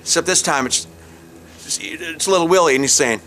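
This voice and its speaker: A man's voice: fairly high pitch, normal speed, fairly bright tone, a little hiss or hum. A middle-aged man telling a comic story in a folksy way, chuckling at his own jokes, recorded outdoors at a campsite. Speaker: comedic storyteller host.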